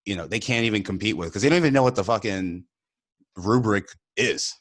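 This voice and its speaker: A man, an immigrant, co-hosting a podcast and telling a personal story in casual conversation, animated and often laughing. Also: on the low side, brisk. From immigrant to the country. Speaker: podcast co-host.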